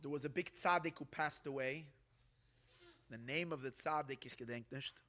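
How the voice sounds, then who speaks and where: A rabbi tells stories to a gathering in a lively, halting way and often restarts his sentences. His voice is pitched high for a man. Its timbre is bright and forceful. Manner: animated, halting, with frequent restarts. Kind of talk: storytelling talk.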